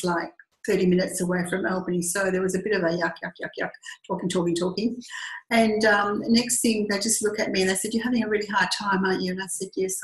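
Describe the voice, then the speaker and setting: A middle-aged Australian woman tells a personal story in an earnest, reflective way, acting out what people said. Her voice sits at an ordinary pitch for a woman. The room around her is noticeably echoey. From Western Australia. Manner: earnest, reflective, acts out quoted dialogue. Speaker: group tour leader.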